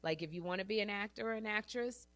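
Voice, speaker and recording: A woman in her fifties talks as a guest in a relaxed interview. Her voice is bright and forward. She tells stories with energy, playing out the quoted lines and often laughing. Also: mid-range voice, fast. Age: 50s. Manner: animated storyteller, acts out quotes, laughs often. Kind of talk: casual interview chat.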